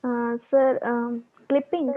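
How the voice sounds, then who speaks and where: A woman's voice: on the high side, little pitch movement, takes it slowly. A woman student answering her teacher in short replies, calling him sir. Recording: tinny phone-like line.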